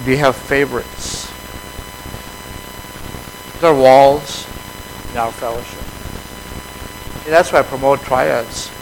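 A man preaching a conversational sermon to his fellowship, switching between quiet reflection and animated acted-out dialogue. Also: medium pitch, slow pace, vocal fry, long pauses, a little hiss or hum, low-quality recording.

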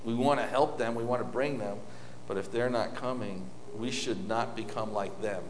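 In a hall with long, echoing reverb, a man with a mid-range voice preaches informally at normal speed. He tells stories to his congregation with frequent restarts and asides, and a slight hiss or hum is audible.

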